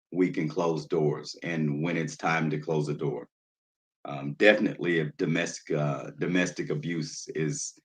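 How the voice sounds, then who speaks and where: Deep-voiced guy hosting a laid back live chat, lots of ums, says hi to viewers by name. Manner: relaxed, greets chat viewers by name, many fillers. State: nervous, jittery. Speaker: livestream host.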